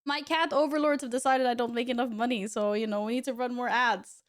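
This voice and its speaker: A woman's voice: fairly high pitch, steady tone, a little fast. A woman streamer chatting casually with her audience, bubbly and apologetic with frequent giggles. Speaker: live streamer.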